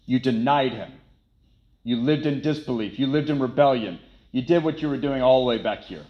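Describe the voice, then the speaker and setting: A man's voice: mid-range voice, darkish tone, muffled recording. A man preaching a sermon, emphatic and repetitive, who poses rhetorical questions and then answers them. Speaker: pastor.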